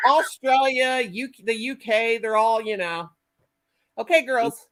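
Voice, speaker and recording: Speaking slowly in a somewhat high, slightly bright voice, a livestream host keeps the chat casual and folksy. She talks a lot, laughs frequently and reads out what viewers write.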